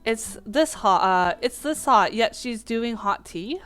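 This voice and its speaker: Woman host, higher voice, smooth and clear, reads a game's dialogue aloud with slips and asides, faint music behind. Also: lively intonation, slow pace, a bit bright. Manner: reads lines with small slips and restarts. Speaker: let's play host reading a dating game aloud. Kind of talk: reading game text aloud with asides.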